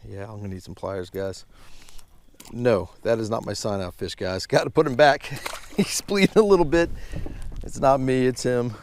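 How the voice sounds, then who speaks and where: A man giving excited fishing commentary from a boat on a mountain lake, exclaiming often and calling out to viewers as guys. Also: medium pitch, moderate pace, a little hiss or hum. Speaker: fishing vlogger.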